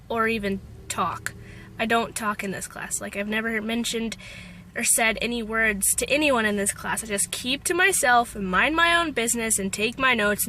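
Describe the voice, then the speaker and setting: Young Texan woman vlogger, American accent, self-mocking storyteller, sharp voice. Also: fairly high pitch, slight background noise. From Texas. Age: young adult. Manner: self-deprecating, animated storytelling. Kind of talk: storytelling vlog.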